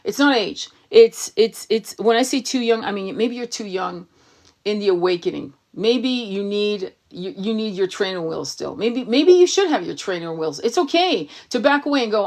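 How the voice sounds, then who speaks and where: A woman's voice: mid-range voice, animated, normal speed, darkish tone. A woman tarot reader and spiritual coach on a livestream, answering viewer comments bluntly, swearing often and firing off rhetorical questions.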